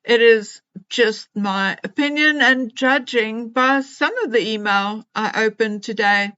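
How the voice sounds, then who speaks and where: A woman vlogger talks to her subscribers at an unhurried, deliberate pace, giving her opinions earnestly. Her voice sits fairly high and comes through smooth and clear, though the recording itself sounds a bit dull and lo-fi. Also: pushed and bright. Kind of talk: casual chat to subscribers.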